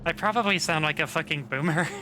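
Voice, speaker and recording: A woman streamer chatting casually with viewers while playing, relaxed and profane, rambling with lots of fillers. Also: sits low, slight background noise. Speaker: game streamer. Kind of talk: casual stream chat reading viewer messages.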